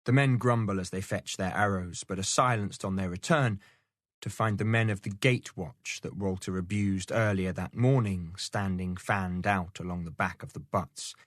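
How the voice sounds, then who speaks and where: A man narrating a novel aloud in a steady, measured storytelling manner. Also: sits low, dry recording, clean studio sound. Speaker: audiobook narrator. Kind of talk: scripted narration.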